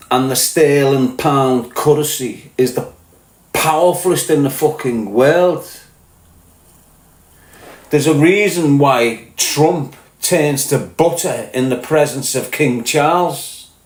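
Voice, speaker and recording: A podcast guest with a Scouse accent, from Liverpool, England, launches into a blunt, profane, conversational rant, repeating his points. His voice is a little high. The room is echoey and the recording rough.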